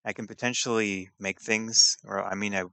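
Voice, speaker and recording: A man playing a tabletop game, low-key and a bit hesitant, at times speaking as his character. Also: steady tone, moderate pace, creaky, pushed and bright, no room sound. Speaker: player. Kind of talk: casual tabletop chat, some in-character talk.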